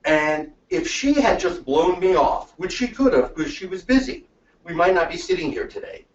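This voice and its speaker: Man presenter, fairly high voice, lively storyteller, recorded at a distance in a roomy space with dull sound. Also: moderate pace. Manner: lively storytelling, acts out dialogue. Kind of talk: webinar talk.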